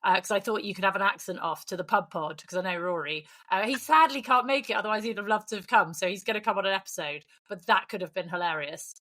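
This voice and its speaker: Bright-voiced woman teasing her co-host. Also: medium pitch. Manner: teasing, brisk and direct. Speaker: podcast co-host. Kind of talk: casual chat.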